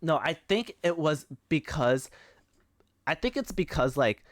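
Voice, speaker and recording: Rambling young man with a lively voice. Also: a little high, unhurried, dry recording. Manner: rambling, filler-heavy storytelling with frequent swearing. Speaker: streamer. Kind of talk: casual chat on a live stream.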